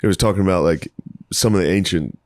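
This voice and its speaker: A man's voice: sits low, fast talker, dry recording, studio quality. A man in his thirties co-hosting a comedy podcast, laid-back and casual, dropping in short agreeing asides and laughing. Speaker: podcast co-host.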